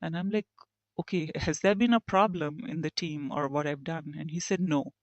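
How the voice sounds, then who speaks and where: A woman's voice: sits low, normal speed, dry recording. A woman engineer speaks as a podcast guest, reflective and candid. She brings her stories to life by acting out what others said to her. The recording is dry and a touch muffled. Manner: reflective, tells stories and acts out quoted remarks. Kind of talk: conversational interview.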